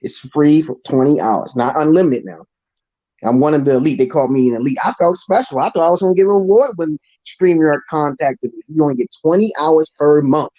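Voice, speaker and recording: Man, livestream host, casual chat, fast talker, profane, rambling, boastful, mellow tone, dull dry phone audio. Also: fairly high pitch, no echo. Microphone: phone, streaming from a mobile.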